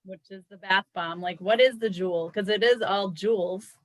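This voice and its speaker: A woman's voice: medium pitch, moderate pace, no room sound, rough recording. A woman co-hosting a casual chat about yoga, thoughtful, often restarting her sentences and saying "like". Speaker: yoga teacher co-host.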